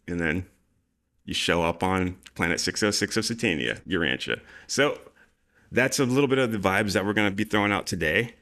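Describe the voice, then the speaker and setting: A man with a very deep, low voice, chatting loosely on a livestream. He sounds excitable and casual and drops curse words as he riffs. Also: a little fast. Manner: loose, excitable, swears freely. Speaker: podcast co-host.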